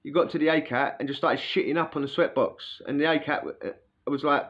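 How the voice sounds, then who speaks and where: A man's voice: fairly high pitch, fairly even intonation, brisk. Slangy man, dull lo-fi audio. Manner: chatty, slangy, keeps checking in with "yeah?". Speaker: former prisoner telling a story. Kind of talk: casual storytelling.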